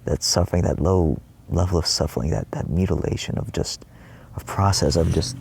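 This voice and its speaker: Low gravelly-voiced man rambling. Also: lively intonation, a little mellow, a little hiss or hum. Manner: rambling, swearing, quick reenactments of his own cries. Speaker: spiritual vlogger. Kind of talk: rambling spiritual monologue. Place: his trailer.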